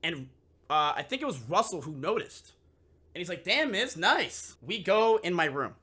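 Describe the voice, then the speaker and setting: Bright-voiced young man telling a profane story. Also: fairly high pitch, normal speed, breathy edge. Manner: profane and animated, acting out both sides of the conversation. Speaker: streamer. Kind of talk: casual storytelling to a live chat.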